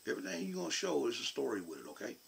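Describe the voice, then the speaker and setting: A man's voice: medium pitch, wildly swooping pitch, rapid-fire, creaky, fairly bright tone, slight background noise. A man telling a rambling, drawling folksy story as a video host. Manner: drawling, digressive, colloquial. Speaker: YouTube host.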